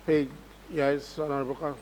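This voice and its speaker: A man with a Nigerian accent presiding over a legislative session, putting questions and reading bills in a formal, measured cadence. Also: a little high, level tone, noisy background. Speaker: presiding officer of a legislative assembly. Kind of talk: formal parliamentary chairing. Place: legislative chamber.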